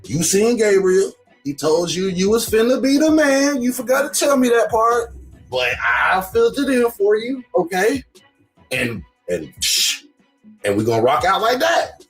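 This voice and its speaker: A man voicing a brash, loud older wife who hollers her support. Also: sits high, very animated, unhurried, faint music behind. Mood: hyped. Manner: hollering, brassy.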